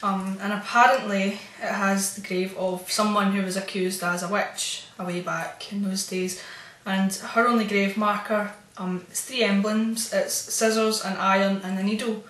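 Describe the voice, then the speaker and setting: Woman vlogger, mid-pitched, chatty and meandering, soft spooked asides; recorded with roomy echo. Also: fairly even intonation, a little slow, few pauses. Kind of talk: casual storytelling vlog.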